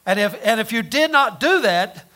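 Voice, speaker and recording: High, bright-voiced folksy preacher man. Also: animated, moderate pace. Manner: folksy, repeats words, rhetorical questions, swings loud and soft. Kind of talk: sermon.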